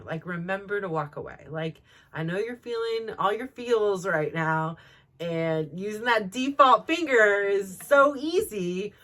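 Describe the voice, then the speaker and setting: A woman's voice: lowish voice, fairly bright tone. A middle-aged woman hosting her own show, telling a personal story in a frank, self-reflective way and rambling through it with lots of "like" fillers. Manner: rambling, heavy use of "like" fillers. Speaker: host.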